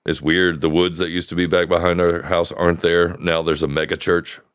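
A man's voice: low voice, level tone, brisk, a bit bright, clean tone, dry recording, studio quality. A middle-aged man co-hosting a podcast, telling rambling stories in a wry, casual way. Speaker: podcast co-host. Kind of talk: casual chat.

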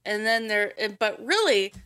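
A woman's voice: a little high, sing-song, moderate pace, pushed and bright, clean tone. A woman co-hosting a podcast, agreeable and sarcastic in casual chat.

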